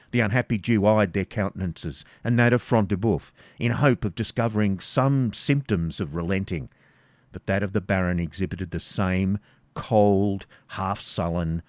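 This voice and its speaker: A man giving scripted narration of a novel in a measured, even storytelling manner. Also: deep voice, dry recording. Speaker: audiobook narrator.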